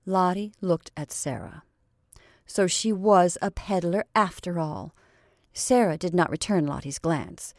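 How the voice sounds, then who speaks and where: A woman's voice: on the low side, expressive, a little slow, darkish tone, no room sound. Woman reading a classic story, dry sound. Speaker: narrator. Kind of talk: scripted narration of a classic story.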